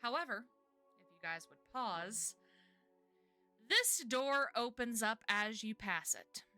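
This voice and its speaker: A woman's voice: fairly high pitch, expressive, slow, pushed and bright, no echo, soft background music. A woman narrating a tabletop game as game master, casual and often laughing.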